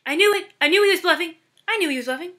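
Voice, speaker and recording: A woman's voice: extremely high pitch, lively intonation, racing, bright, forceful tone, heavily acted. A woman playing a vengeful young Spanish swordsman in an amateur stage skit, solemnly repeating a vow. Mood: triumphant.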